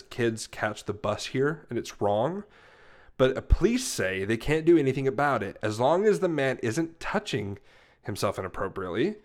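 A man co-hosting a casual podcast, reading odd news stories aloud and often laughing. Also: medium pitch. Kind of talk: casual chat.

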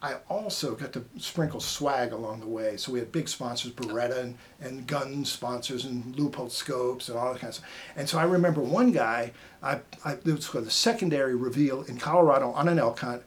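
A middle-aged man from Maine, once host of a TV hunting show, tells stories casually as a podcast guest. He's an animated storyteller who acts out the voices of the people he quotes, speaking at medium pitch and a fairly quick pace.

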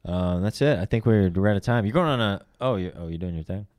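Young male comic co-host, low register, rambling profane storyteller. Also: fast talker, a little mellow, no room sound, clean studio sound. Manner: rambling, profane, laughs through his story. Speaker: podcast co-host, comedian. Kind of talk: casual crude storytelling.

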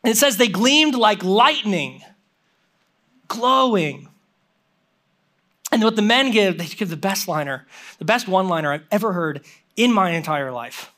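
Young man, pastor, sermon, high voice, animated, casual filler words. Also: unhurried, pauses often.

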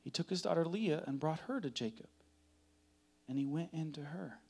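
A man preaching a sermon in a dramatic, chatty way, swinging from hushed to loud. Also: fairly high pitch, moderate pace, creaky, slightly rough. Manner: conversational, uses "like" often.

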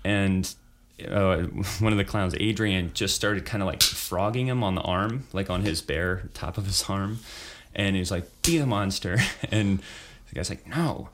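A man's voice: sits low, unhurried, a bit bright, a little hiss or hum. A man in casual podcast chat, telling a story in a loose, rambling way with many fillers. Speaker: improv performer, guest.

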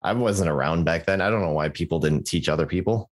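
A young adult man talks fast in a deep voice while co-hosting a podcast. His casual chatter includes jokey asides and frequent fillers and restarts.

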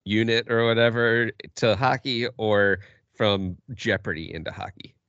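Low-voiced man joking in a hockey chat. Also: fairly even intonation, a little slow, fairly bright tone, no room sound. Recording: dull, dry sound.

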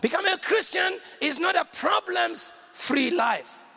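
A male pastor preaches with fire, shouting lines and pulling call-and-response from the crowd. His voice sits very high with a sharp, forceful edge. It is recorded with the long echo of a big hall. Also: lively intonation, measured pace, gravelly. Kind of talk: sermon.

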